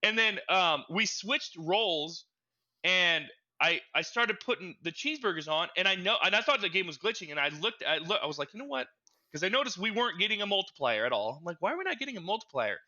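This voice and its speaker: A young man co-hosting a casual gaming podcast, telling stories in an animated, stammering way and getting loud when excited. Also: a little fast, muffled recording. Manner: animated storytelling, gets loud and high when reliving frustration. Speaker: podcast co-host. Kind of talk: casual chat.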